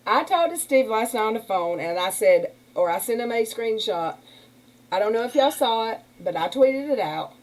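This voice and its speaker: A woman hosts a casual livestream, rambling and indignant, addressing viewers as "y'all." Her voice is a little high and darkish, with lively intonation at a moderate pace. It's captured through a computer mic on the stream, so the audio is poor.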